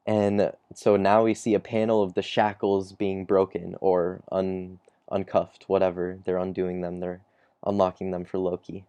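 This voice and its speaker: Man, low mellow voice, dry close sound; casual recap reader who chuckles and trails off. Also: level tone, measured pace, clean tone, no room sound. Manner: chuckles often, trails off mid-sentence. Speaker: comic chapter reviewer. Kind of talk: casual recap reading dialogue aloud.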